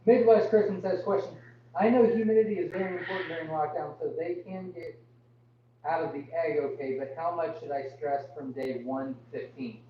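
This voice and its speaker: A young man hosting a live farm Q&A, reading viewer comments aloud and answering with apologies, straining his voice to talk louder. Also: on the high side, fairly quick. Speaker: farm livestream host. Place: indoors on a farm. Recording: muffled, distant, echoey, with hum.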